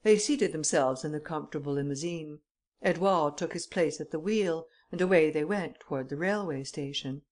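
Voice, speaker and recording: A woman narrating an audiobook in a measured, expressive storytelling manner. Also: low-pitched. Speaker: audiobook reader. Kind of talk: scripted narration.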